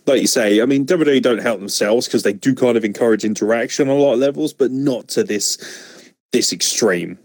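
A man's voice: fairly low pitch, a little mellow, no room sound, clean studio sound. A man co-hosting a casual chat podcast who rambles, swears freely and laughs often. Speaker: podcast co-host.

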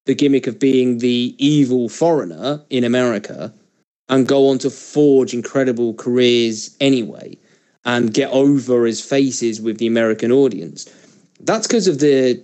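Male podcast co-host, mellow dark tone, opinionated and casual. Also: mid-range voice.

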